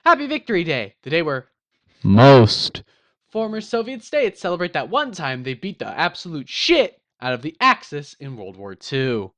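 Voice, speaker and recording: A man hosting a gaming video, commenting on strategy gameplay in an excitable, jokey, self-mocking way. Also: fairly high pitch, moderate pace, few pauses, dry recording. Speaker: gaming channel host.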